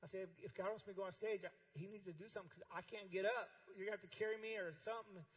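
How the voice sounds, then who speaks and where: A man with a high, husky voice preaches at a fast clip, his words ringing through a large hall with long reverb. The sound is a little dull and muffled. His sermon swings between loud, passionate lines and softer, quieter moments. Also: fairly even intonation. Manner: impassioned preaching, voicing God and Paul in quotes. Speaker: pastor. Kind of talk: conference sermon. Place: large church or conference auditorium.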